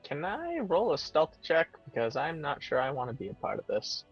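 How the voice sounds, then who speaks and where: A man playing in a tabletop game, making quick, joking table talk. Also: fairly high pitch, wildly swooping pitch, creaky, slightly rough, lo-fi sound, faint music behind. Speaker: player. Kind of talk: casual tabletop game chat.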